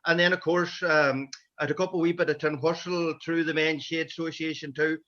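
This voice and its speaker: A man's voice: on the high side, little pitch movement, fairly quick, sharp tone. A man with a Donegal Irish accent telling rambling stories about his men's shed over a video call. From Ireland. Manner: rambling anecdotal storytelling. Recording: dull lo-fi video call audio.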